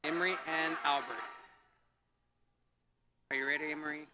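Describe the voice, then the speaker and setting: A man casually checking name pronunciations with students, friendly and brisk, with short questions and reassurances. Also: a little high, steady tone, noisy background. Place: graduation ceremony, near the stage.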